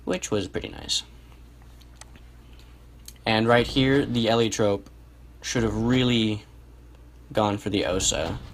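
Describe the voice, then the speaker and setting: Low-voiced man narrating his own match. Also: slight background noise. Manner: relaxed, self-correcting, thinks aloud. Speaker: gameplay commentator. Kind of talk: casual match commentary over gameplay. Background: music.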